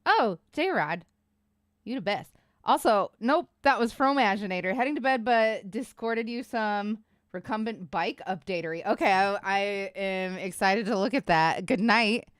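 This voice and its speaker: A woman's voice: medium pitch, animated, unhurried, no echo, clean studio sound. A woman streamer chatting casually with her viewers, rambling and a little winded. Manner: chatty, rambling, talks to chat. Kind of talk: casual live-stream chat.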